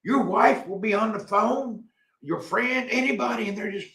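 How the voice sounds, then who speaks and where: A man's voice: high voice, normal speed, reverberant. Folksy man chatting live. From Tennessee, USA. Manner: rambling, animated, folksy. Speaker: livestream host. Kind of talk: casual live chat reading comments.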